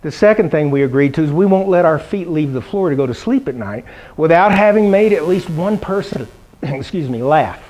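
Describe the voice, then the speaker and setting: Animated male keynote speaker. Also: fairly high pitch, normal speed, low-quality recording. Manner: animated storytelling, acts out quoted voices. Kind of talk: humorous keynote speech. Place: conference hall.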